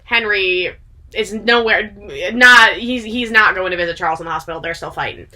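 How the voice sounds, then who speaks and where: A woman's voice: mid-range voice, normal speed, sharp tone. A young woman casually retelling a story to a friend, chatty and full of "like" and swearing, laughing often. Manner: frequent laughter. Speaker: video creator.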